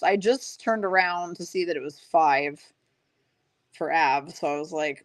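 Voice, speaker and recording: A woman's voice: on the low side, steady tone, moderate pace, no room sound. A woman hosting a live card-opening stream, chatting casually, reading viewer comments aloud and laughing often.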